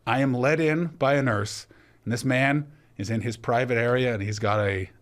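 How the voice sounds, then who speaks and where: A man from Canada, a comedian guest on a podcast, telling a story in a casual, animated way. He acts out the other people in the story and swears freely. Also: medium pitch, normal speed.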